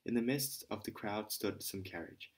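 Low-voiced man reading a novel aloud. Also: normal speed, rough recording. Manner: occasional stumbles and restarts. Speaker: audiobook reader. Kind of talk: amateur audiobook narration.

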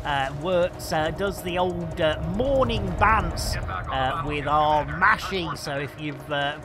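A man with a Yorkshire accent streaming a game live, excitable, shouting taunts and British slang in bursts. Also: fairly high pitch, takes it slowly. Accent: English, Yorkshire. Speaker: gaming streamer. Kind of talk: live gameplay commentary. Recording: game music loud behind.

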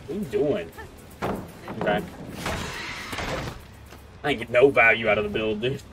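A man's voice: medium pitch, normal speed, pauses often. A man giving casual gameplay commentary as a streamer, taunting and joking at the other players. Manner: trash-talking, taunting and joking at opponents. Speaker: gaming streamer. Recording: game music playing under the voice. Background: game music.

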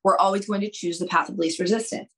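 A young adult woman on a podcast, giving dating advice in an animated, expressive way and acting out quoted conversations. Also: mid-range voice, quick pace. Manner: expressive, acts out quoted dialogue, addresses listeners as girls. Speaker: podcast guest, dating coach.

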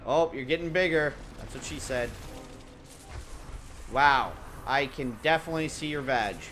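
A man's voice: mid-range voice, measured pace, a bit bright, a little hiss or hum. A young man giving casual, joking let's-play commentary, laughing often and mimicking characters. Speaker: gaming commentator.

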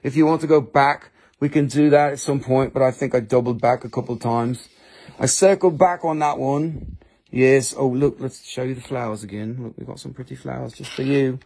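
A man hosting a live crystal sales stream in a casual, rambling, joking way, swearing freely and sometimes putting on high-pitched mock voices. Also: normal speed, creaky, a little mellow.

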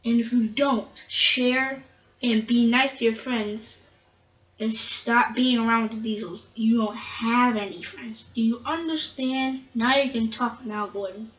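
A woman's voice: a little high, a little slow, a bit bright, reverberant, distant mic, dull audio. A woman voicing a stern male steam engine who lectures his friend in a fan-made toy train story, with repeated questions. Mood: lecturing.

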